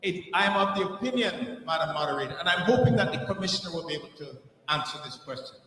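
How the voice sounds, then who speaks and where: An older man stands at a floor microphone in a large conference hall, pressing an earnest question with emphatic pauses. His voice is bright and somewhat tense. He sounds distant, with a roomy echo and long reverb around him. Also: sits high, lively intonation, slight background noise. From Caribbean island. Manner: earnest, emphatic, halting restarts. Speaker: audience questioner. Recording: echoey hall from far off.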